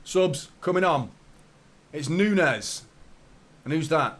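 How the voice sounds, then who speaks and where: Excitable fan commentating live. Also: male voice, slow. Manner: excitable play-by-play, jumps to high excited shouts. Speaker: football fan channel host.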